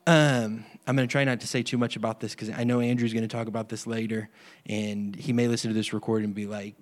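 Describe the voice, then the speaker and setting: A man's voice: lowish voice, little pitch movement, fast. A man giving an informal sermon-style teaching on healing prayer, earnest and conversational, acting out the voices of people in his stories. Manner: earnest, acts out quoted voices. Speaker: healing ministry leader.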